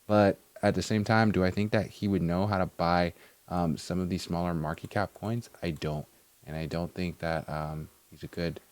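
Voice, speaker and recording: A man giving casual, animated crypto market commentary to his viewers, swinging between loud and soft. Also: low voice, dry recording. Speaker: crypto YouTuber.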